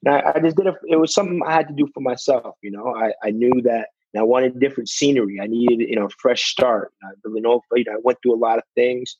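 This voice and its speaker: A man's voice: mid-range voice, fast, hardly any pauses, darkish tone, husky, dry recording, muffled recording. A young man, a basketball player, talking in a casual interview, leaning on "you know" and acting out what people said to him. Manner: fills with "you know", acts out quotes.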